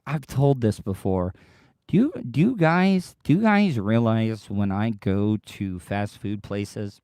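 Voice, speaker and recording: A man hosting a livestream podcast in a rambling, excitable chat, his voice strained and tired, swearing casually. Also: lowish voice, no echo, clean studio sound. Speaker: podcast host.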